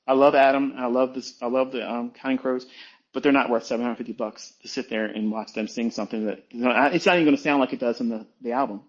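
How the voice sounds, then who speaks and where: Male trading mentor, mid-range voice, profane and emphatic, dull lo-fi recording. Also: mid-range voice. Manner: blunt, profane, emphatic, repetitive. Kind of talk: profane motivational monologue.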